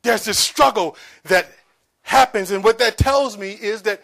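A man's voice: sits high, measured pace, gravelly, bright, forceful tone. A man in his forties preaching a sermon, emphatic, repeating phrases and asking the congregation to answer back. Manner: emphatic preaching with repetition and call-and-response questions. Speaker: pastor.

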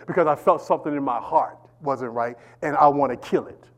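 A middle-aged man preaching a sermon as pastor, animated and repetitive, calling out to the congregation. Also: on the high side, quick pace, few pauses, lo-fi sound. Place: church.

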